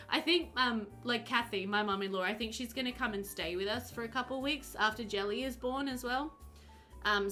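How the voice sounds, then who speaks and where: A young woman streaming a game, chatting casually with her viewers and reading their messages aloud with frequent giggles. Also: fairly high pitch. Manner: chatty, warm, giggly, reads chat aloud. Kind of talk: casual chat with live chat while gaming.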